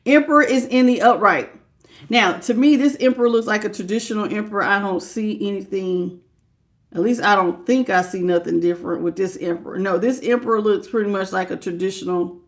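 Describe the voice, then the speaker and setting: A woman hosting a live tarot reading, thinking aloud as she works through the cards and stops to greet viewers by name in a warm, familiar way. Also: on the high side, slight background noise. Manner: conversational, thinking aloud, interrupts herself to welcome viewers by name.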